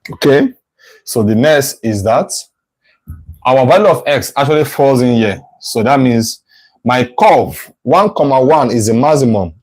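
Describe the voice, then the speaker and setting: A man's voice: mid-range voice, lively intonation, unhurried, darkish tone, low-quality recording. A male math tutor teaching a live online lesson, thinking aloud as he sketches a curve, correcting himself and checking in with "right?".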